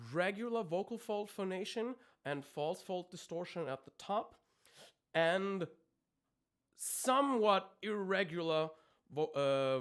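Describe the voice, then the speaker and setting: Teaching singing technique in a live-streamed lesson, this vocal coach has a voice on the high side with a fairly bright tone. He restarts often and says "um" a lot, stopping at times to demonstrate screams.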